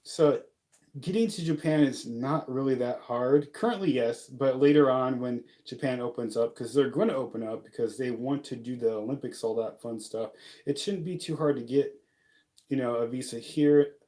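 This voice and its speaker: Rambling, joking man with a mellow voice. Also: medium pitch, normal speed. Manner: rambling, joking, frequent fillers and laughs. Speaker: vlogger living abroad. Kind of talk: casual talking-head vlog.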